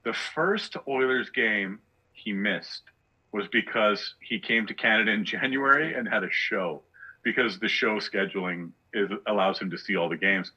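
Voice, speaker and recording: A man's voice: on the low side, sharp tone, breathy edge, muffled recording. A male comedian on a podcast, ranting with sarcastic rhetorical questions in casual chat. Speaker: guest comedian.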